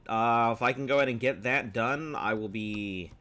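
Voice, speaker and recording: A man streaming a game, thinking aloud and reading on-screen text in a casual, rambling way, with a slightly rough, throaty voice from clearing his throat often. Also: medium pitch, moderate pace, a bit bright, a little hiss or hum. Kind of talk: casual gameplay commentary.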